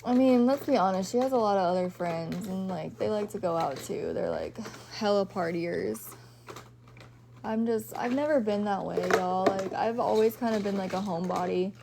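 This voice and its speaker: A woman's voice: mid-range voice, lively intonation, normal speed, creaky, noisy background. A young pregnant woman livestreaming from her apartment while lying down, chatting casually with viewers and saying "like" and "y'all" a lot. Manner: chatty, laid-back, says "like" and "y'all" a lot. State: pregnant, a little out of breath.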